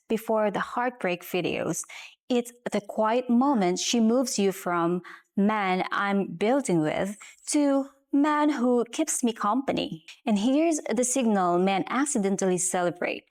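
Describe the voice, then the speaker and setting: A woman with a Filipino accent delivers a scripted relationship-advice talk. Her voice sits at a middle pitch, and she speaks in measured, emphatic short phrases, stressing each point. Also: a little mellow. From Philippines. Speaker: relationship consultant. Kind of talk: scripted advice monologue to camera.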